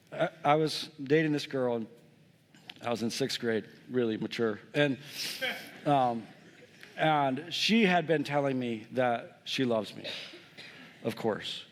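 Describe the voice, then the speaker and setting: A male pastor preaching from the pulpit, mid-pitched and conversational, with a self-deprecating storyteller's touch. He turns to the congregation with quick questions. His voice rings out with a long church echo. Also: a little hiss or hum. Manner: lively, self-mocking, addresses the congregation directly. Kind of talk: sermon with personal storytelling. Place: church sanctuary.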